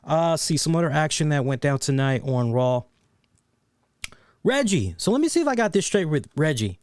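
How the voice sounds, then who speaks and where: Hosting a wrestling review podcast, a man with a slightly high, smooth voice rants casually at a normal pace. He's animated, sarcastic and profane, repeating phrases for emphasis, and the recording is clean studio sound with no room noise.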